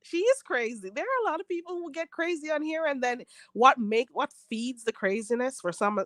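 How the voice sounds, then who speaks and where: A woman's voice: high-pitched, expressive, fairly quick, fairly bright tone, no room sound. A Jamaican woman hosting a livestream, chatting casually and reading viewer comments, laughing often and repeating phrases for emphasis. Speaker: livestream host.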